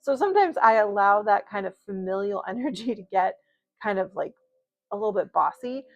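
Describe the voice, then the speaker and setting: A woman talks through a tarot reading in a loose, chatty way, drifting into asides and fillers. Her voice has a gravelly, creaky edge and sits at an ordinary pitch for a woman. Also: expressive, a little fast, muffled recording. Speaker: tarot reader. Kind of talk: casual spoken tarot reading.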